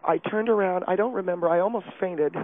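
Calling in over a thin, telephone-like line, a man performs as a prim middle-aged wife in distress, her voice high yet natural. Haltingly and breathlessly, she unloads a self-pitying confession.

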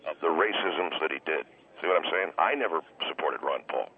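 A man's voice: very deep voice, lively intonation, a little fast, slightly rough. A man arguing indignantly as a guest on a call-in radio show, with a condescending manner, heard over a tinny phone line. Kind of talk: heated call-in argument. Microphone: telephone.

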